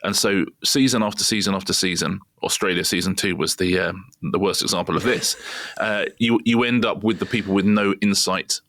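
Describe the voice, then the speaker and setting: Deep-voiced British man, opinionated chat. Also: fairly even intonation, brisk, a bit bright, no echo. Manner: opinionated, discursive. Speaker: podcast co-host. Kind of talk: casual chat.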